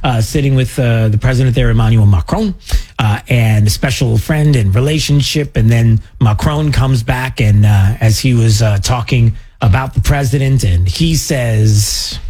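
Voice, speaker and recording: A chatty male talk radio host with a slightly husky voice. He talks casually, with a sarcastic edge, and sometimes jumps into high mocking voices. Faint music plays behind him. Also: normal speed, warm tone.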